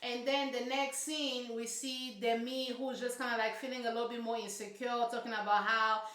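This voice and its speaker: Sassy high-voiced woman in a roomy echo. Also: level tone, normal speed, fairly bright tone. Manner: sassy, emphatic, slangy. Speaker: reality show reviewer. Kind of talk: casual reaction commentary.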